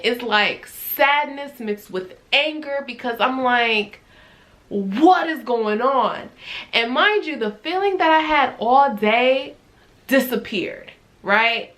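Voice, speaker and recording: A woman's voice: on the high side, takes it slowly. A young adult woman vlogging, casually telling a personal story and acting out the dialogue she quotes. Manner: animated retelling that acts out quoted dialogue; conversational, with frequent "I'm like" and "right?".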